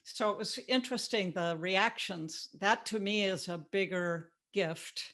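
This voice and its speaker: A woman author speaking as an interview guest, talking in a warm, thoughtful way and laughing easily. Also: medium pitch, a little slow. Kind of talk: casual interview chat. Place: Florida.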